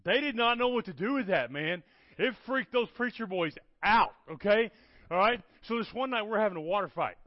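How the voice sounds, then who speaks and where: Man, high voice, animated storytelling preacher, dry muffled recording. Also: normal speed, no echo. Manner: animated, keeps checking in with "okay? all right?". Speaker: guest preacher. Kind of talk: storytelling sermon. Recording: dull lo-fi sound, dry.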